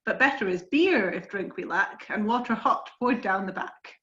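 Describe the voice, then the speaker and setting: A woman reading a song from a book aloud on a video call, gentle and slightly hesitant. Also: medium pitch, expressive, normal speed. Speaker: reader. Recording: dull, roomy video call audio.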